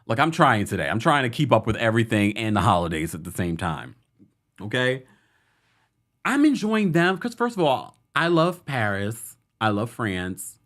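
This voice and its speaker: A man's voice: mid-range voice, sing-song, normal speed, fairly bright tone. A man hosting a casual online talk show, chatting and laughing often as he gives his opinions. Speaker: host. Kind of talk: casual chat.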